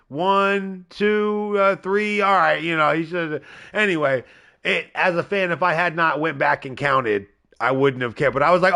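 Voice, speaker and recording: A man with a slightly high, nasal voice hosts a live wrestling game stream. He rambles excitedly through the play-by-play and calls out to his viewers as he goes. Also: measured pace, gravelly. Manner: excitable, rambling, talks to a chat member by name. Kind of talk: casual live gameplay commentary.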